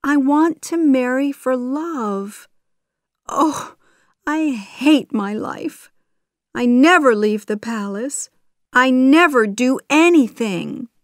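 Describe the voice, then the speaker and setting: A woman's voice: high voice, lively intonation, slow, dry recording, clean studio sound, pitched above the performer's own voice. A woman voicing a restless young princess in a storybook reading, frustrated and plaintive.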